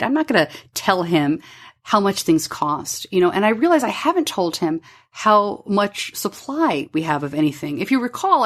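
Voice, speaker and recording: A middle-aged woman hosting a podcast from her home studio, candidly telling a personal story and acting out the dialogue. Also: mid-range voice. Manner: candid, animated, acts out quoted dialogue. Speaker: podcast host.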